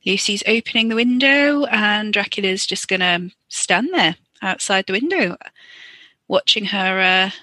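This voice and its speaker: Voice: mid-range voice, lively intonation, a little slow, bright, forceful tone, no room sound. A podcaster giving chatty, joking improvised commentary over an old film. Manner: chatty, joking, many fillers.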